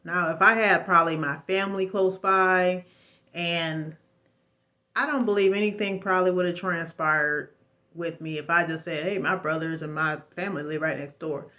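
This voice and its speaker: A woman's voice: fairly low pitch, steady tone, normal speed, bright, forceful tone. A woman telling her own story in a casual, emphatic testimony, rambling and preachy, with religious exclamations. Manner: rambling with frequent fillers and restarts. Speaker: vlogger sharing a personal story.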